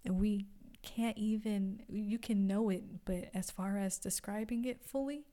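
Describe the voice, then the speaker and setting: A woman hosting her own podcast, talking softly and from the heart about her own life, often stopping to restart a phrase. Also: medium pitch, fairly even intonation. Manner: soft-spoken, heartfelt, halting with repeats. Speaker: podcast host. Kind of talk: personal reflective monologue.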